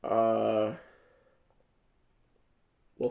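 A man's voice: medium pitch, very animated, a little slow, fairly bright tone. A young man in casual podcast chat, telling a work story with lots of laughter, cursing and slang.

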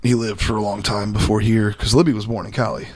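A man's voice: fairly low pitch, level tone, fast talker, crowd noise. A man telling stories in a casual podcast chat, emphatic and swearing now and then.

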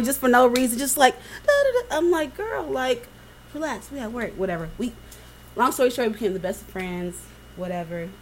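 A woman co-hosting a casual chat, telling stories in an animated, profane way. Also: medium pitch, a little hiss or hum. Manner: animated storytelling, swearing freely.

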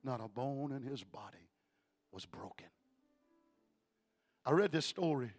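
A male evangelist preaching in a church, telling a story emphatically and rising to shouts. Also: medium pitch, expressive, unhurried, faint music behind. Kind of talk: storytelling sermon.

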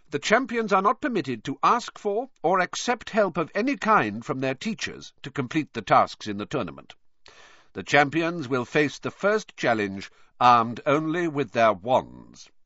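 A man voicing a stiff, formal older official giving deliberate instructions. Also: mid-range voice, pushed and bright, no room sound, pitched above the performer's own voice. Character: weary formal older male official, ill-looking. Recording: dull, slightly lo-fi.

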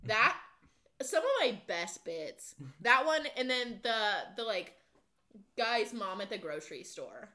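A young woman in her twenties co-hosts a casual podcast chat, her voice bright and forceful. She rambles through stories with plenty of "like" fillers and acts out the quotes herself. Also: fairly high pitch, big pitch swings, takes it slowly. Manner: chatty storyteller, many "like" fillers, acts out quotes. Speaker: podcast co-host.

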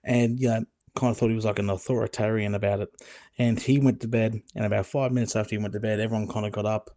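A young man co-hosting a casual podcast chat, telling stories in an animated, swearing way. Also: fairly low pitch, fast, no echo. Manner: profane, animated storyteller. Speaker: podcast co-host. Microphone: podcast mic.

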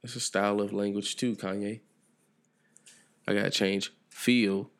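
A man's voice: lowish voice, fairly even intonation, measured pace, pauses often. A man hosting his own podcast alone, talking in a reflective, loose and profane way that trails off and restarts. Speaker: podcast host. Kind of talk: solo podcast monologue.

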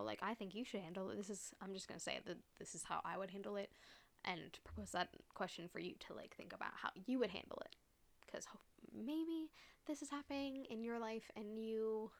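A woman's voice: mid-range voice, gravelly, fairly bright tone. Rambling young woman podcaster. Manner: rambling, heavy "like" filler, restarts, swearing. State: choked up, near tears. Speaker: podcast host. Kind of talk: casual solo podcast monologue.

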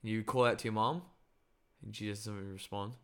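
A man's voice: on the low side, normal speed. A man in casual chat, animatedly telling a story and musing about whether reality is fake. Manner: animated storyteller, acts out voices.

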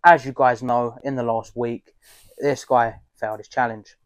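A man's voice: medium pitch, steady tone, normal speed, no echo. A young man co-hosting a casual chat podcast, with brash, slangy banter. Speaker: podcast co-host.

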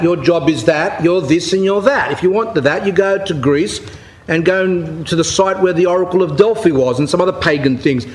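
A man preaches in an unscripted, chatty way, mixing stories with emphatic points. His voice sits a little higher than most men's and climbs further when he stresses something. He reads from an account and then retells it in his own words. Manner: reads aloud from a written account then paraphrases it. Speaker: Orthodox Christian speaker giving a talk. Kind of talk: informal spoken sermon with anecdotes.

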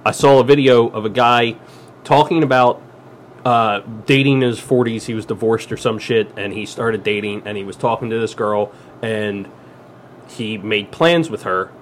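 A man's voice: fairly low pitch, normal speed, slight background noise. Man telling a crude story on a podcast. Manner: storytelling, swearing, quoting others in voices. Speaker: podcast co-host. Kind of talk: casual crude podcast banter.

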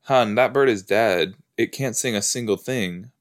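Watching a TV episode along with his audience, a male podcast host rambles casually with plenty of "like" and "you know." He speaks a little slowly in a fairly low voice.

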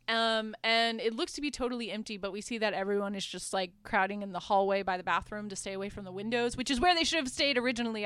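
A woman's voice: mid-range voice, a bit bright, clean tone, no echo, clean studio sound. A young woman, chatting casually as a podcast host as she recaps a horror film, full of "like" and little laughs. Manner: chatty, lots of "like" and laughs, acts out quotes.

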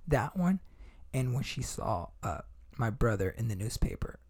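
A man's voice: mid-range voice, very animated, normal speed, a little mellow, breathy edge. A young man hosting a podcast, telling a story in casual chat with lots of fillers, restarts and swearing. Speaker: podcast host.

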